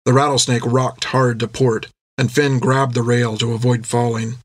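A man reading an adventure novel aloud in steady, measured scripted narration. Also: medium pitch, dry recording. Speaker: audiobook narrator.

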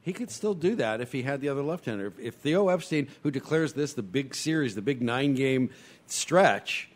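A man's voice: medium pitch, expressive, moderate pace. A man hosting a casual sports talk chat, pressing his points about the team with rhetorical questions.

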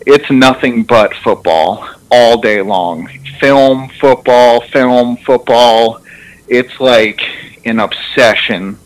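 A young man in casual chat, telling lively stories with laughter and frequent restarts, heard over a radio broadcast. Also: medium pitch, takes it slowly, low-quality recording. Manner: animated storyteller, laughs a lot, restarts. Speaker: former football player guest.

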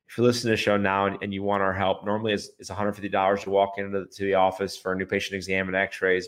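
Male radio host, chiropractor, lower voice, punchy and rambling with restarts. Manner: emphatic, repetitive, restarts often. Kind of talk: casual radio talk.

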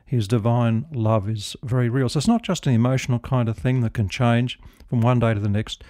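Casting note: middle-aged minister, gentle storytelling, dry studio sound. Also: male voice, mid-range voice, brisk, dry recording. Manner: gentle storytelling, prayerful close. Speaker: devotional host, minister. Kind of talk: radio devotional talk.

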